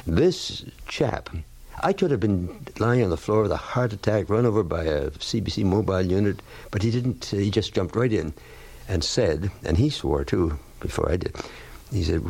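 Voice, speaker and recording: Gravelly older man telling radio stories. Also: low voice, a little fast, no echo. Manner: wry, animated when quoting others. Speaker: veteran radio broadcaster guest. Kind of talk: anecdotal storytelling.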